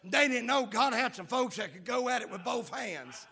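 A man's voice: very high voice, animated, moderate pace, vocal fry, sharp tone. A man preaching a fiery revival sermon, hollering in a sing-song cadence.

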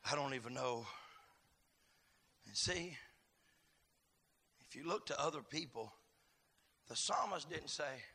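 A man preaching a sermon, swinging from quiet murmurs to shouted, chanted climaxes. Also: medium pitch, lively intonation, slow, pauses often, breathy edge.

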